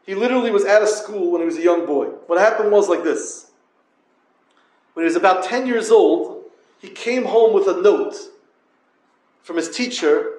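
Man giving a yeshiva talk, high-pitched, with yeshivish English full of Yiddish words and a storytelling way of addressing listeners; recorded in a roomy space. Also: darkish tone. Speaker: yeshiva lecturer. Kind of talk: Torah talk to yeshiva students. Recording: echoey room.

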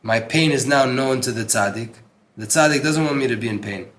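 A man teaches a Torah class, reading a text aloud and translating it while working Hebrew terms into his speech. His medium-pitched voice is a little fast and a bit bright, and his earnest, emphatic delivery repeats words for stress.

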